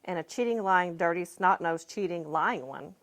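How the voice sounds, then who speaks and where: A woman's voice: on the low side, normal speed, a bit bright, close to an everyday voice. A woman reading aloud, voicing a sneering boy who spits insults through clenched teeth.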